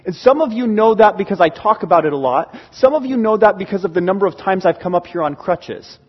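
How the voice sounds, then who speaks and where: A man, a pastor, preaching a sermon and telling stories with animated, acted-out exclamations. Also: high-pitched, a little fast, breathy edge. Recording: dull, lo-fi recording with long hall reverb.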